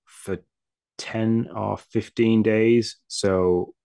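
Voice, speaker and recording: Low-voiced guy cohosting a games podcast, chill and chuckly, dry close sound. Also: steady tone, very slow, creaky, warm tone, dry recording. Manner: easygoing, chuckles often, reads through lists. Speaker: podcast co-host. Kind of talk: casual chat.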